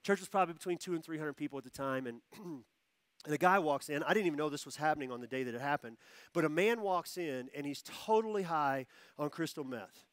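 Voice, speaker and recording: A man preaches a sermon in a fairly high voice, leaning into stories and acting out the people in them. He repeats key phrases to drive them home. His voice is picked up close and sounds dry, with little room sound. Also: quick pace, no room sound. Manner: storytelling, animated quoted voices, repeats phrases for emphasis. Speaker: pastor. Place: church.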